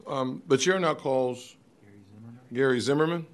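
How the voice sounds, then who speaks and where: A man presiding over a committee hearing, reading procedure and asking questions in a halting way. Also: mid-range voice. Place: legislative hearing room.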